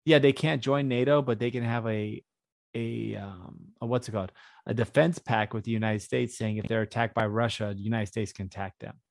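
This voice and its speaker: A man co-hosting a podcast who jokes crudely and laughs easily at his partner's bits. His pitch sits in the middle range. The recording is dry and close, with no room echo. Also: steady tone, a little fast, gravelly. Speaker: podcast co-host. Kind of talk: casual chat.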